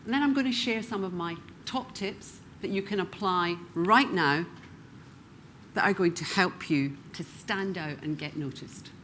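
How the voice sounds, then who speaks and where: A middle-aged woman from Glasgow with a Scottish accent, speaking as a keynote speaker and slowing down with dramatic pauses for emphasis. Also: fairly low pitch, a bit bright, a little hiss or hum. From Scotland. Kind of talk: motivational stage talk. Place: conference room before a live audience.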